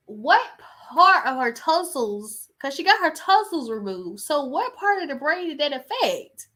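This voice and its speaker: Lively, bright-voiced woman chatting casually. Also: sits high, unhurried. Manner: chatty, rambling, searches aloud while talking. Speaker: podcast host. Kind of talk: casual gossip chat.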